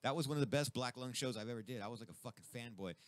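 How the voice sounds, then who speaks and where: A man hosting a radio show in a studio, chatting casually and excitedly, swearing constantly. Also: medium pitch, racing, dry recording.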